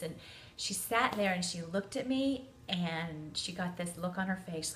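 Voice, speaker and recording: Chatty woman in her forties, lowish voice. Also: unhurried, a little hiss or hum. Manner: chatty, animated storytelling with acted quotes. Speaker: parenting vlogger. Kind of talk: casual storytelling to camera.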